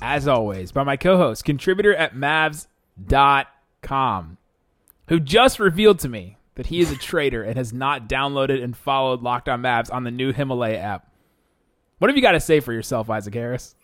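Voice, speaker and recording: Joking, animated male podcast host. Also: mid-range voice, moderate pace, no room sound, studio quality. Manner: joking, laughs often, teasing. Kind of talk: casual sports podcast chat.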